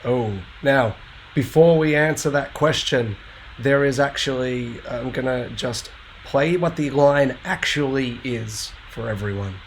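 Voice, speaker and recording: A man's voice: medium pitch, unhurried, slight background noise. A man hosting a casual live-stream podcast, joking and swearing freely. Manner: joking, profane, laughs often. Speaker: podcast host.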